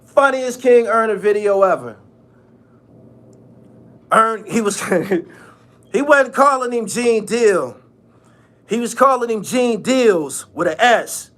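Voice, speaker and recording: A man's voice: sits high, animated, slow, long pauses, fairly bright tone. A man hosting his own channel, ranting casually in a mocking tone, repeating phrases and laughing often. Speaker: channel host. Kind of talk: casual vlog rant.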